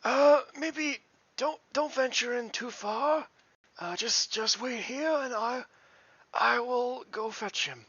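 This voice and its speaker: A man voicing a frail old male scholar who hobbles about, speaking slowly and hesitantly. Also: extremely high pitch, pushed and bright, husky, no echo, pitched above the performer's own voice, full character voice. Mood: fussy. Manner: slow, hesitant, fussy pleading. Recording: dull lo-fi audio.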